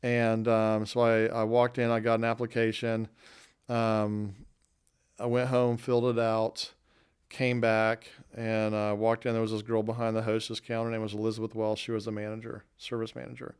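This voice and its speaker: A man's voice: on the low side, monotone, normal speed, smooth. A man in his fifties telling folksy, rambling anecdotes about his restaurant career in a casual interview. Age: 50s.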